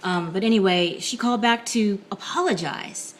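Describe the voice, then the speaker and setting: A woman talking softly and casually to camera in a home video blog, with frequent ums and pauses. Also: mid-range voice, a little hiss or hum, low-quality recording. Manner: soft-spoken, many ums and pauses. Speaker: vlogger. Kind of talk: casual reflective talk to camera.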